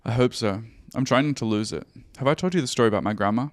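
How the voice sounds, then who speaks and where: A man's voice: medium pitch, quick pace, no echo, studio quality. A man in his thirties from Australia with an Australian accent, a laid-back guest telling stories in casual chat. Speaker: guest, music producer.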